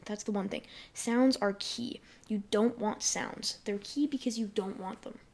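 A woman hosts a casual solo podcast from her bedroom on a desk mic, speaking at a measured pace in a darkish, mid-range voice. She rambles along with lots of fillers and self-corrections.

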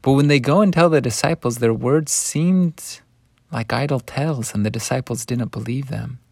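A man teaching a scripture lesson, retelling the story in an animated way that swings between hushed and lively. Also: mid-range voice, moderate pace, creaky, dry recording, studio quality.

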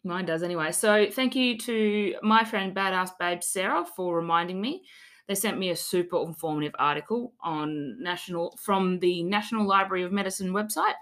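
A woman's voice: lowish voice, normal speed, a bit bright. A young Australian woman co-hosting a casual podcast, cheeky and swearing freely, with a slight lisp from fresh dental fillings. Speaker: podcast co-host.

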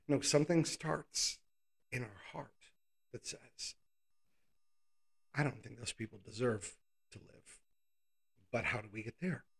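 A pastor preaching in a casual, conversational way, reading scripture and pausing to think aloud with informal asides. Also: male voice, on the high side. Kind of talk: conversational sermon, Bible teaching.

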